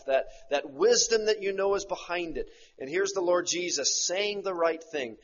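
A man preaching an expository sermon, slowing on key phrases and often tagging rhetorical questions onto his points. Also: on the high side, a little hiss or hum. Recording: muffled lo-fi recording.

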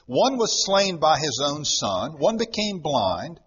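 A man's voice: a little high, very animated, slow, few pauses, a bit bright, breathy edge. A man preaching a sermon dramatically, repeating words for emphasis, recorded in a church. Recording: dull lo-fi sound with long hall reverb.

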